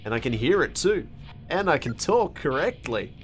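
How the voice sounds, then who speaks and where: A man's voice: a little high, big pitch swings, normal speed, a little hiss or hum, voice pushed down. A man voicing a frightened teenage schoolgirl in a haunted school game, reading her dialogue melodramatically. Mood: bewildered.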